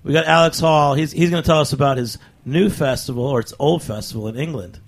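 A man hosting a radio talk show, jokey and brisk as he hands the talk to his guests. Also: fairly high pitch, vocal fry. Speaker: radio host. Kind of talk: casual radio chat.

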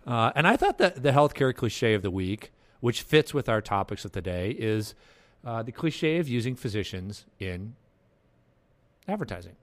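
A man hosting a casual podcast chat, animated and quick to laugh. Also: medium pitch. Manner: animated, quick to laugh and jump into put-on voices. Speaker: podcast host.

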